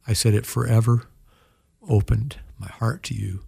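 A man's voice: medium pitch, steady tone, normal speed, vocal fry, a little mellow, breathy edge, no room sound, studio quality. A man in his sixties, a pastor and guest in an interview, telling a personal story in an earnest, emotional way. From United States.

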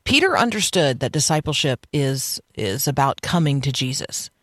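An earnest radio host leads a devotional teaching, pressing listeners with rhetorical questions. The voice sits at a middling pitch and comes through a dry studio mic with no room echo. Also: sing-song, normal speed, a bit bright.

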